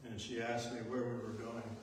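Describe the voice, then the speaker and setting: A man's voice: medium pitch, little pitch movement, normal speed, noisy background. A man on a panel telling a long anecdote in a rambling way, chuckling as he goes. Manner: rambling, chuckling, warm storyteller. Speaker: panel member. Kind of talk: anecdotal storytelling in a panel talk. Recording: echoey hall, far from mic.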